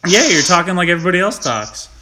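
A man's voice: sits high, big pitch swings, quick pace, bright, forceful tone, a little hiss or hum. A man from Missouri hosting a podcast, chatty and rambling in casual talk, with lots of fillers and laughs. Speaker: podcast host. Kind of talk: casual chat.

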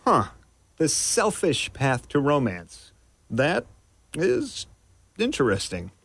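A man's voice: fairly high pitch, wildly swooping pitch, takes it slowly, creaky, fairly bright tone, slightly rough, no room sound, exaggerated voice. A man performing a comedic radio ad in a wry, musing voice. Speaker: ad voice actor.

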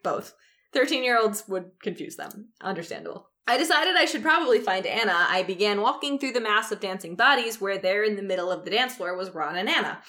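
Young woman cohost, giggly and wry, mid-pitch, reads fan fiction aloud with dry asides. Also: animated, brisk, pushed and bright. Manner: giggly, wry, often breaks off to comment. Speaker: podcast co-host reading fan fiction. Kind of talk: casual chat, reading aloud.

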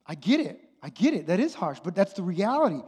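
A man's voice: high voice, big pitch swings, a little fast, slightly rough. A man in his thirties preaching a sermon to parents, casual and conversational, often repeating his phrases. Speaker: pastor. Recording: long hall reverb with loud music underneath.

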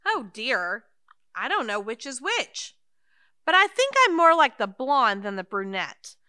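A woman's voice: fairly high pitch, very animated, a little slow, sharp tone, clean tone, dry recording, studio quality, heavily acted. An actress playing Mildred, a timid, fussy elderly woman in an audio drama. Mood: flustered. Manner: fussy, anxious, flustered.

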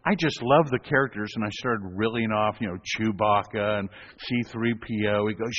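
A man, a hospital chaplain, telling a story in an animated storytelling sermon and acting out voices. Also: medium pitch, moderate pace. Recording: echoey hall, dull lo-fi sound.

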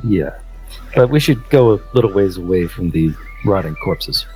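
A man with a dark, mellow voice at a tabletop game, offering plain, matter-of-fact suggestions. Soft music runs underneath. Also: low-pitched, lively intonation, normal speed, poor audio.

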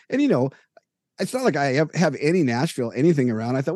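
A man co-hosting a podcast, his voice a little high with a darkish tone and big swings in pitch, moves briskly through a long, detailed anecdote in casual chat, acting out the dialogue. He's in a home room with jerseys on the wall, and the audio is studio quality with no room sound.

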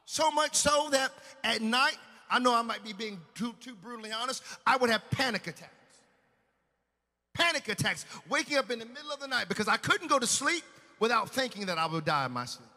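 A man preaching in a church sanctuary, his high, bright voice ringing with a long hall reverb. He tells his story with emotion, rising loud and then dropping to a hush. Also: lively intonation, a little fast. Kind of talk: sermon testimony.

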